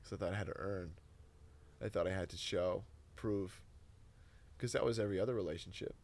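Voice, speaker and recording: A young man, a podcast guest, telling a personal testimony in casual, animated, emotional conversation full of "like" and "dude". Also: low-pitched, a little fast.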